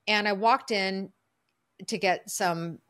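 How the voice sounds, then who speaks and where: A middle-aged woman, a coach, telling a personal story as a podcast guest in an earnest, lively way. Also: mid-range voice, slow pace. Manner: lively, earnest storyteller who acts out her own inner voice.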